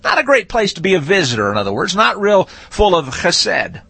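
A man teaching a Torah portion in a lively, folksy, conversational way, rereading verses with shifting emphasis. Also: high voice, fairly quick, creaky, slightly rough, no room sound. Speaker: Bible teacher.

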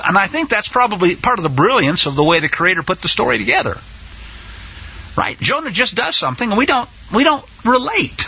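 A male preacher delivering a sermon, retelling a story with sarcastic, animated commentary. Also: extremely high pitch, slightly rough, muffled recording.

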